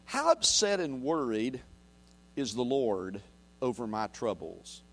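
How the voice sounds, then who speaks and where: A man preaching a sermon, reading scripture aloud and swinging from quiet, low murmurs to loud, raised declarations. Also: very animated, slow pace. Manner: reads scripture aloud and asks the congregation to repeat. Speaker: pastor.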